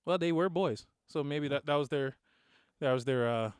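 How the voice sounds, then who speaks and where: A man's voice: fairly high pitch, normal speed, smooth, no echo, clean studio sound. A man in his thirties co-hosting a podcast, chatting loosely with joking slang banter. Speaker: podcast co-host. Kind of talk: casual chat.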